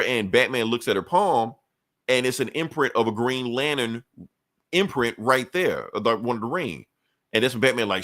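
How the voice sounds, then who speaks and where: A man hosting a podcast, recapping a comic issue in loose casual storytelling, acting out characters' lines in quick asides with plenty of profanity. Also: medium pitch, lively intonation, bright, forceful tone. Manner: frequent profanity and fillers. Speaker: podcast host.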